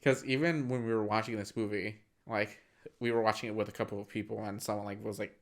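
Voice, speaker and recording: A man's voice: lowish voice, steady tone, quick pace. A young man co-hosting a movie podcast, casually retelling scenes and acting out bits of dialogue. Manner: retells scenes, acting out lines, filler-heavy. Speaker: podcast co-host.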